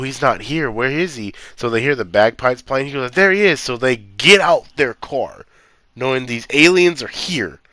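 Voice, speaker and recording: A man's voice: on the low side, a bit bright, clear, resonant tone, no room sound. A man giving a casual movie review, exasperated and incredulous, full of fillers.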